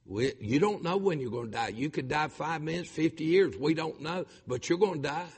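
Middle-aged preacher, husky, raised pitch, repeats and stammers, builds to shouting, reverberant hall. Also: male voice, lively intonation, a little fast. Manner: impassioned preaching, shouting at peaks, stammered repetitions. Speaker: pastor. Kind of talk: sermon.

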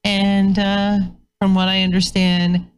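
A woman co-hosting a talk show, speaking in a measured, thoughtful way with frequent fillers. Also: mid-range voice, level tone, slight background noise. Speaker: co-host. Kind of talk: casual chat.

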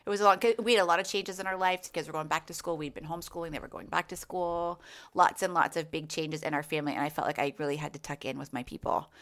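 Low-pitched woman from Maine, returning co-host, candid and reflective. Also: fairly even intonation, fast talker, a bit bright. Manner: reflective, speaks openly about faith. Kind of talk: casual chat.

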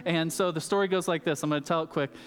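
A man's voice: on the high side, steady tone, fast. A man preaching a sermon, chatting casually with the congregation and telling a story. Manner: conversational, with casual fillers and asides to the audience. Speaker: pastor. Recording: roomy hall reverb with faint music.

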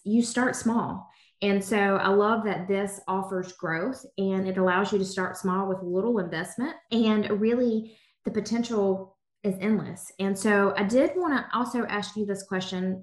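A woman hosting a podcast, talking in an empathetic, conversational way and framing long questions for her guest. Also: medium pitch. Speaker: podcast host. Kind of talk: casual podcast interview. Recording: echoey room.

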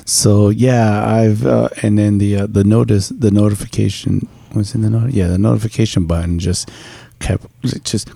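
A man's voice: lowish voice, animated, measured pace, creaky, dark tone, no room sound. A man co-hosting a casual podcast chat, rambling, laughing often and swearing freely. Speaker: podcast co-host.

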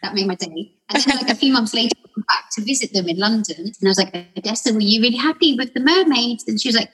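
A woman's voice: a little high, lively intonation, fast, breathy edge, low-quality recording. A woman guest on a podcast, chatting casually and rambling through stories, often acting out what people said. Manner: rambling, warm storyteller acting out quotes with laughs. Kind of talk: casual storytelling chat.

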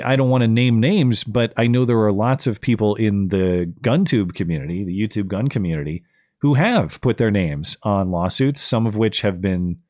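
A man's voice: on the low side, darkish tone, dry recording, clean studio sound. A man hosting a call-in show, talking casually and thoughtfully, often repeating words as he gathers his thoughts.

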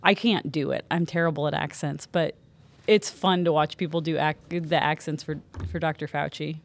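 A woman's voice: sits low, fairly even intonation, normal speed. A woman co-hosting a podcast, chatting in an agreeable, talkative way. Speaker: podcast co-host. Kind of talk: casual chat.

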